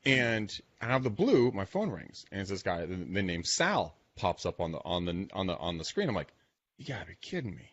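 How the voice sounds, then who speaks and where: A man hosting a casual interview, telling stories in an animated way. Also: low voice, normal speed, few pauses. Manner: animated storytelling. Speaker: podcast host. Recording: dull lo-fi sound.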